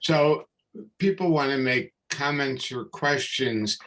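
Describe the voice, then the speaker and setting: Slow-talking older man hosting. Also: medium pitch, animated, a bit bright, poor audio. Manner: unhurried, with fillers. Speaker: series host. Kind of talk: hosting a talk series. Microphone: video call.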